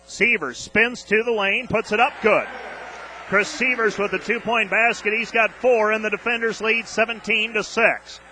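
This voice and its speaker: A man calling a college basketball game on radio, rattling off play-by-play and getting loud on big plays, openly exasperated with the officiating. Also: high voice, steady tone, moderate pace, a little hiss or hum.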